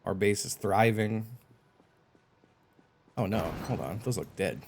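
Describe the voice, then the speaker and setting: A man's voice: lowish voice, takes it slowly, pauses often. A man streaming a game live, chatting casually with viewers, swearing and getting exasperated. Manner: animated, swearing, exasperated outbursts.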